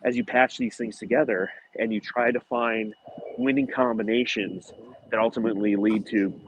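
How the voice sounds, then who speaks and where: A man's voice: fairly low pitch, expressive, normal speed, slight background noise, low-quality recording. A man hosting a casual sports podcast, out of breath, rambling through analytical basketball talk with fillers. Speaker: podcast host. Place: outdoors, walking and climbing stairs.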